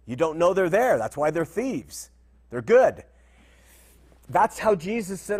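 A man with a somewhat high voice walks through Bible verses, reading passages and explaining them in a loose, conversational teaching style. He often stops to ask his listeners rhetorical questions. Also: big pitch swings, unhurried, long pauses, a little mellow, husky. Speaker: preacher.

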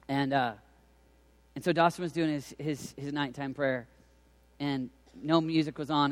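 A man in his thirties preaching a sermon, swinging between hushed near-whispers and loud shouted cries. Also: medium pitch. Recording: long hall reverb.

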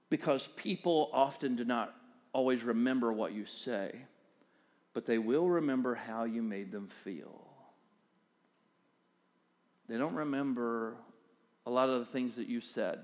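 A middle-aged pastor with a Southern US accent preaches a sermon. His delivery swings animatedly in both pitch and loudness.

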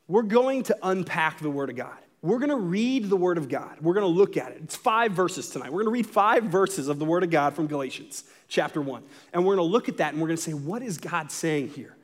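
A young man preaching a sermon, talking casually and acting out quoted lines with lively swings. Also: high voice. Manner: animated, acts out Paul in quoted asides. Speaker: pastor.

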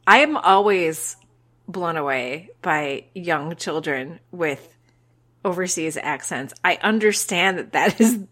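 Seorang wanita, pembawa acara podcast, mengobrol santai dengan komentar singkat dan tenang. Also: female voice, fairly low pitch, takes it slowly, fairly bright tone. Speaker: podcast co-host. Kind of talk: casual chat.

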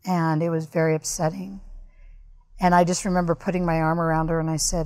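Woman guest, slightly low voice, earnest storyteller for a podcast interview. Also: little pitch movement, a little fast, a little mellow. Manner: candid, earnest, recounting events at length. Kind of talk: personal storytelling in conversation.

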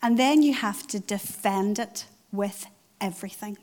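A woman's voice: medium pitch, a little slow, darkish tone. A middle-aged woman giving a conversational sermon, driving points home by repeating them. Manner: conversational, emphatic repetition. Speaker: church speaker.

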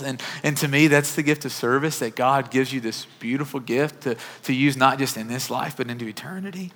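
Earnest pastor in a reverberant church hall. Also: male voice, mid-range voice, a bit bright. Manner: storytelling, earnest and conversational. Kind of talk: sermon. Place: church auditorium.

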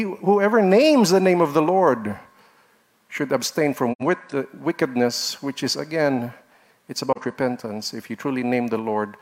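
Earnest male preacher. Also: mid-range voice. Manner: earnest, exhorting, rises sharply when emphatic. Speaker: pastor. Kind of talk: sermon.

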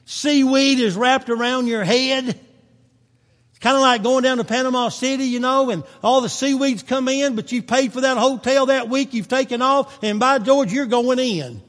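Male pastor with a high voice, preaching in dynamic swings, church hall reverb. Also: moderate pace. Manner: preaches with swings from quiet to loud, with folksy asides. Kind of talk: sermon.

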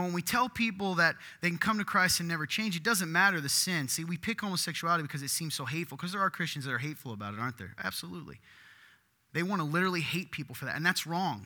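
Animated preacher with a bright voice. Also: male voice, fairly high pitch, long reverb tail. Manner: animated, rising to loud emphatic bursts. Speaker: pastor. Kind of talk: sermon. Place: church.

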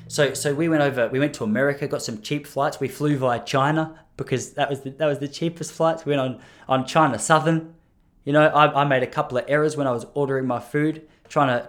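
A man, chatting casually on a live stream with rambling, self-deprecating stories. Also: medium pitch.

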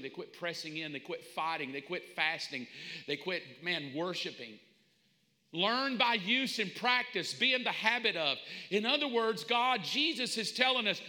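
A male pastor preaching a sermon emphatically, moving from shouted declarations to hushed asides. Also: a little high. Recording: long hall reverb.

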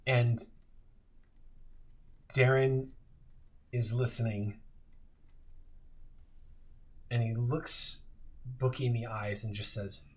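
A man running a tabletop role-playing game as game master, narrating slowly and descriptively with pauses. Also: mid-range voice, steady tone. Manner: slow, descriptive storytelling with pauses.

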